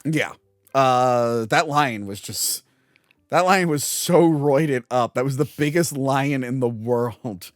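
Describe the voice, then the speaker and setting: A podcast co-host in a casual movie review chat who rants with animated energy and laughs often. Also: mid-range voice, no echo, clean studio sound. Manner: animated, ranting, quick to laugh.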